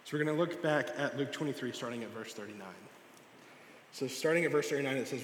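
A man's voice: mid-range voice, quick pace, a little hiss or hum. A young man giving a sermon to a church group, telling a personal story and acting out the dialogue. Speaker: youth speaker. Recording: echoey hall with long reverb.

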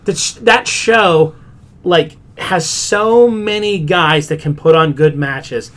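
A man's voice: fairly high pitch, slow, fairly bright tone. A man co-hosting a casual wrestling podcast, rambling and retelling stories with lots of "he's like". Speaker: podcast co-host.

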